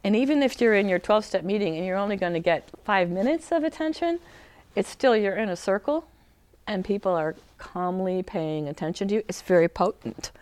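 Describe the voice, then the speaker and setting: A woman giving an animated, conversational talk. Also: fairly quick, no room sound. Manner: animated, acts out a crying child in a high shout; warm, conversational, many fillers and restarts. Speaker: speaker on emotional healing. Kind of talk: talk to a small group.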